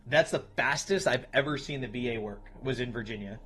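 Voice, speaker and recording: A man's voice: mid-range voice, fairly quick, a bit bright. A man in his thirties chatting casually with his stream viewers in a blunt, profane way. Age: 30s. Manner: blunt, profane, talks to chat. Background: music.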